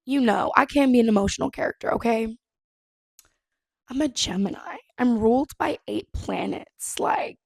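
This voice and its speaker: A young woman talks through her first podcast episode in a loose, chatty way, swearing and laughing as she goes. Her voice sits a little high, and the recording is close and dry with no room sound. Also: no room sound. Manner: chatty, expressive, swears casually, laughs often. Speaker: podcast host. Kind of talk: casual solo podcast chat.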